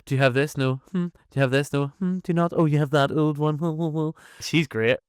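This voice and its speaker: Animated man, smooth dry voice. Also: on the high side, a little fast, no echo. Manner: animated, swears freely, laughs often. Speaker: podcast co-host. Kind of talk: casual chat.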